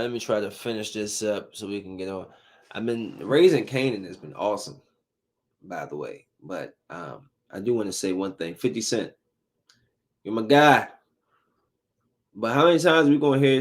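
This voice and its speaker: A man with a lowish voice talks through a casual solo podcast from his home studio. He rambles loosely, jumps in energy and acts out little quoted lines as he goes. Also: expressive, normal speed. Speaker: podcast host. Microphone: studio mic.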